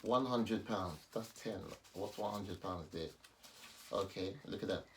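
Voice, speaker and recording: A man, a pastor, giving an animated personal testimony in a vlog and repeating himself as he talks. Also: sits low, a little slow. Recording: distant mic with faint background noise.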